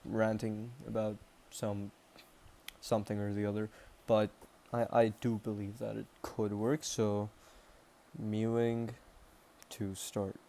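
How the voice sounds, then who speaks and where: A man's voice: on the low side, little pitch movement, slow pace, vocal fry, pauses often, dark tone, a little hiss or hum. A young man with a Canadian accent talking casually to the camera in a rambling, self-mocking way, stopping and restarting often. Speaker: vlogger. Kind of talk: casual self-improvement vlog.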